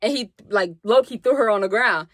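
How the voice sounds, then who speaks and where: A young woman telling a story on her vlog, animated and slangy with plenty of swearing, acting out what people said. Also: mid-range voice, brisk, dry recording. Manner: animated, slangy and profane, acts out quotes. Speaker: vlogger.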